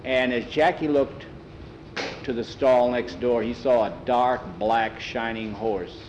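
A man telling a story aloud in a plain, unhurried way, acting out the dialogue. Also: medium pitch, steady tone, darkish tone, dull audio, a little hiss or hum. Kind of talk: casual oral storytelling.

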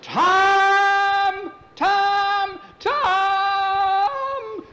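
A man voicing an excitable, boastful young boy who talks in a high, insistent voice. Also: a little fast, background noise. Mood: panicked, insistent. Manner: eager, insistent, high-pitched. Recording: echoey room with faint ambience.

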